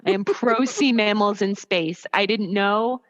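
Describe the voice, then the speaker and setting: A woman's voice: medium pitch, unhurried, big-room sound, muffled recording, a crowd in the background. A woman co-hosting a podcast, chatting eagerly and peppering her talk with "like.". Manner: enthusiastic, chatty, lots of "like". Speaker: podcast co-host. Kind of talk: casual chat.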